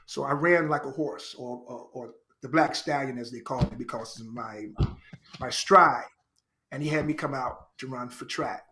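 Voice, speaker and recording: A man from Chicago, a podcast guest, telling his life story in an earnest, animated way and repeating phrases for emphasis. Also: a little high. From Chicago, United States. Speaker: podcast guest, actor and writer. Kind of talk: reflective personal storytelling.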